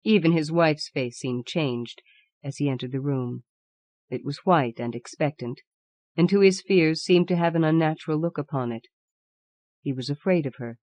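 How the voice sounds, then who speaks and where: Female audiobook narrator, low, measured, dry close recording. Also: darkish tone, no room sound. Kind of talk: scripted narration of a horror tale.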